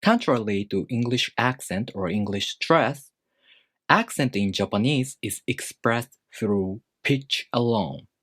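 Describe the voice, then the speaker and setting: A man teaching a language lesson in a deliberate, scripted explanatory way, slowing down to demonstrate pitch on example words. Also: lively intonation, fairly bright tone, no room sound, studio quality.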